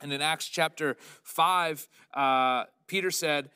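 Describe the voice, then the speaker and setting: Bright-voiced man preaching a sermon. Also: a little high, takes it slowly, hardly any pauses, smooth. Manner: storytelling, animated, builds to emphatic peaks. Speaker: pastor.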